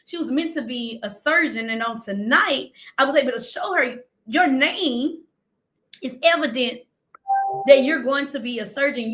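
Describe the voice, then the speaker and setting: Female preacher, high clear bright voice, emphatic livestream sermon with repeated lines, choked up. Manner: fervent, emphatic, repeats phrases, slows for scripture. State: near tears. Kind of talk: livestream sermon with scripture reading.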